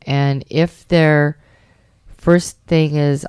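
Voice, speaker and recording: A middle-aged woman co-hosting a radio talk show, chatting about dating in an animated, emphatic way. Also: deep voice, takes it slowly, smooth, dry recording, studio quality. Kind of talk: casual chat about dating.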